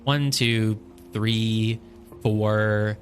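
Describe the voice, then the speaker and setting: Very slow and lowish, with fairly even intonation, this young man's voice carries over soft background music. He's streaming a puzzle game in casual live commentary, counting squares aloud and scolding himself over mistakes.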